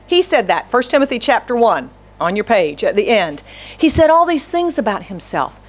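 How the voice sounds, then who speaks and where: A woman's voice: mid-range voice, very animated, normal speed. Woman pastor preaching conversationally. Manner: earnest, conversational, asks the congregation questions. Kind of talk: sermon.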